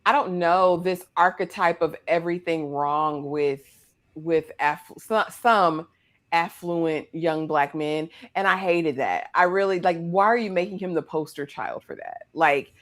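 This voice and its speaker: Opinionated woman with a lowish voice. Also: unhurried. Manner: earnest, opinionated and reflective. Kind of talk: casual critique of a TV show.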